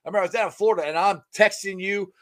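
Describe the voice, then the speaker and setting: A man hosting a casual sports talk show, excitable, laughing often and tripping over his words. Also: high-pitched, very fast. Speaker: sports podcast host.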